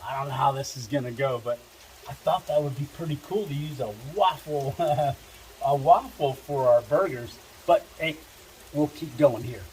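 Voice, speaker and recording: A man vlogging while cooking at an outdoor camp, chatty and quick to laugh, sometimes dropping to a hushed voice. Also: mid-range voice. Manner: chatty, laughs often, talks quietly at times. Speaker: camping vlogger. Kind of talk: casual cooking narration. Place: outdoors under a covered bridge. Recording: noisy outdoor camp recording.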